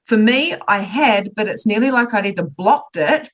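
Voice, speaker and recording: Lively storytelling woman podcast host. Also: mid-range voice, normal speed. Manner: lively storyteller who acts out quoted lines; agreeable, with frequent murmured mm's. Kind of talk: interview conversation.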